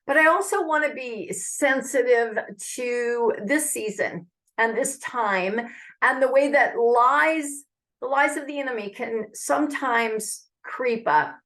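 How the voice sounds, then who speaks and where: A woman's voice: a little high, slow pace, a bit bright. A woman giving an earnest, heartfelt devotional message with prayer, speaking conversationally to her viewers. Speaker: Christian speaker.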